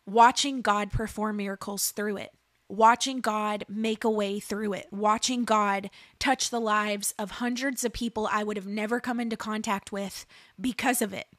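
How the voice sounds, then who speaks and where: Earnest woman preaching with a bright voice. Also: fairly high pitch, no room sound, clean studio sound. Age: 30s. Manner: earnest, emphatic, builds through repeated phrases. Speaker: speaker sharing a faith testimony. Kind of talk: preaching testimony.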